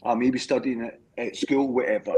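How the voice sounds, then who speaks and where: A man's voice: mid-range voice, fairly even intonation, a little fast, a little mellow, breathy edge, rough recording. A Scottish man chatting on a live stream call, rambling through stories, repeating words and checking in with "do you know what I mean". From Scotland. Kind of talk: casual live chat.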